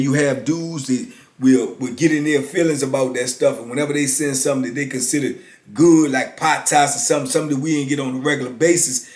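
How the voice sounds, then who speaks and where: In a mid-range voice, a fifty-something man takes his time telling a story about his past, relaxed and unhurried, with "man" popping up often in what he says. The room sounds echoey.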